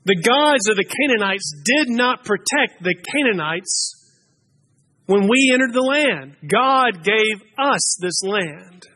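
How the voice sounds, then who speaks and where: A man preaching with a high, bright voice. He leans hard into key phrases and lifts them, building his points with emphatic force. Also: animated, slow pace. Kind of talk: sermon.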